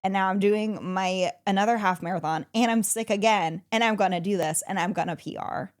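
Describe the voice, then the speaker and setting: A woman co-hosting a casual podcast, telling a story with excitement and laughing often. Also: medium pitch, brisk. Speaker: podcast co-host.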